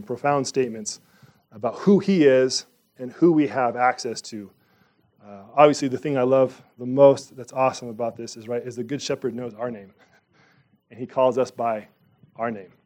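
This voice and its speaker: A man's voice: mid-range voice, a little mellow. A man preaching a sermon in a casual, rambling, conversational way, full of fillers and restarts. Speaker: pastor.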